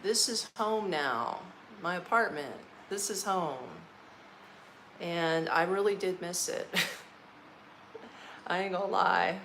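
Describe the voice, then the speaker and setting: Tired, chatty woman from Florida, slow and laid-back. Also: fairly low pitch, background noise. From Orlando, Florida, United States. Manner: chatty, loose, laughs often, folksy slang. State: tired, eating while talking. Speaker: vlogger hosting a live stream. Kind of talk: casual live-stream chat. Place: her apartment, indoors.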